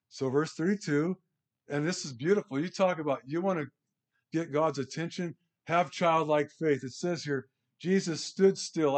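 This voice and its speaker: A man's voice: on the high side, a little mellow. A middle-aged man leading a Bible study from a worksheet, talking conversationally, restarting sentences and reading scripture aloud with emphasis.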